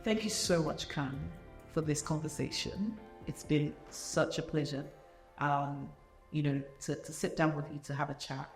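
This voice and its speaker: Low-voiced woman interviewer, echoey room. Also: fairly even intonation, measured pace, soft background music. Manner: affirming, many fillers and restarts. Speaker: interviewer and event host. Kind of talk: warm conversational interview.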